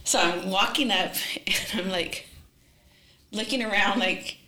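A woman telling a personal story in a casual, earnest way, often halting and restarting. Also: mid-range voice, bright, forceful tone. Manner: emotional, earnest, halting retelling. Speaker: retreat participant sharing her story.

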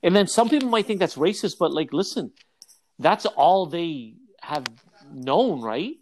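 A man with a slightly raised voice, a comedian telling stories in a loose, joking chat. He talks with lively energy, stumbles and restarts, and piles on little asides as he goes. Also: fairly high pitch, a little slow. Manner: animated, jokey, frequent restarts. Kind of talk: casual storytelling chat.

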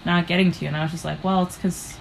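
A young American woman with a notably low, gravelly voice guests as a comedian in a casual interview, rambling through her stories with plenty of fillers and acting out her own reactions. Her tone stays steady and her pace quick. The recording is rough, with a faint hiss underneath.

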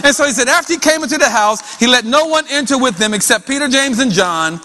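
A man preaching a sermon, animated, acting out voices with folksy asides. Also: very high voice, fast talker, a little hiss or hum. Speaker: pastor. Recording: long hall reverb.

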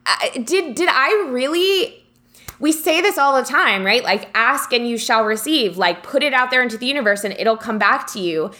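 Bright-voiced chatty woman podcaster. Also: on the high side, lively intonation, normal speed. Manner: rambling, full of "like" fillers. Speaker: podcast co-host. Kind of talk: casual chat.

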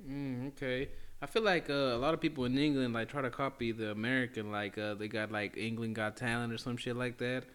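A male host teases his guests in a loose comedy interview. He talks in slang, with plenty of "bruh" and "bro". His pitch sits in an ordinary middle range. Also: fairly even intonation, a little fast, hardly any pauses, a bit bright, smooth.

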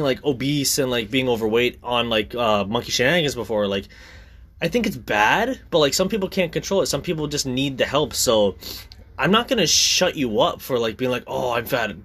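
A man's voice: on the high side, a bit bright. A young man talking casually, blunt and profane, in a heated rant.

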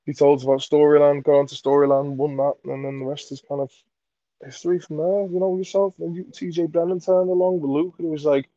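A man from Merseyside, a comedy creator, telling rambling sweary anecdotes in a relaxed interview. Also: a little high, fast talker, no echo, lo-fi sound. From Merseyside, England. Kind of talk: casual storytelling in an interview.

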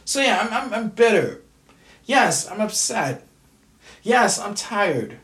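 A man's voice: high-pitched, big pitch swings, takes it slowly, fairly bright tone, recorded from a distance. A man venting to the camera in a frustrated, swearing rant, often repeating himself. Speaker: vlogger. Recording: roomy echo, away from the mic.

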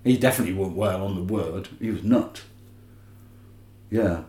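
A man's voice: low-pitched, normal speed, dark tone. A man co-hosting a podcast in casual chat, chatty and rambling, with plenty of restarts. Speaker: podcast co-host. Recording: roomy echo.

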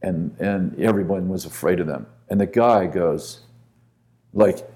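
A man's voice: low voice, measured pace, warm tone. A man speaking as a guest minister on a podcast, telling a story earnestly and with conviction.

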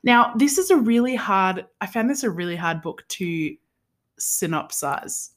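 A woman's voice: mid-range voice, animated, unhurried. An Australian woman co-hosting a casual book podcast, giggly and rambling, poking fun at herself. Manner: giggly, rambling, self-deprecating. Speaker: podcast co-host. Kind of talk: casual chat.

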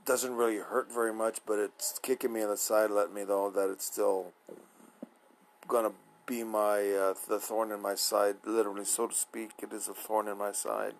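A man with a fairly low voice hosts his own show in a loose, rambling monologue. He trails into fillers and restarts, sounding drowsy and a little apprehensive. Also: level tone, normal speed, gravelly, rough recording. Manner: nervous, apprehensive. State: sleepy, yawning. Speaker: podcast host. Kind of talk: casual solo monologue.

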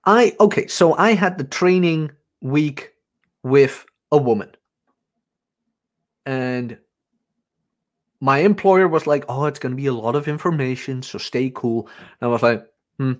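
Blunt, animated male podcast host. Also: a little slow, long pauses. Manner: blunt, swears freely, acts out quotes in a higher voice. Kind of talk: casual podcast chat.

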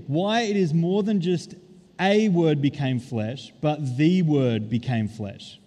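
A man preaching a sermon as pastor, stressing key words and drawing them out slowly. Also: fairly high pitch, darkish tone. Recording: long reverb of a large hall.

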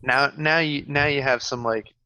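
A man's voice: medium pitch, fairly even intonation, normal speed, pushed and bright, clear, resonant tone, dry recording, dull audio. A young man co-hosting a casual history podcast, chatty and full of fillers. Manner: chatty, many fillers, lots of "like". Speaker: podcast co-host.

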